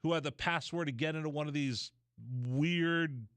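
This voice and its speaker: A man hosting a radio show, telling a rambling story in a casual, animated way. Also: on the high side, moderate pace, smooth, dry recording. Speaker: radio host. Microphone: studio mic.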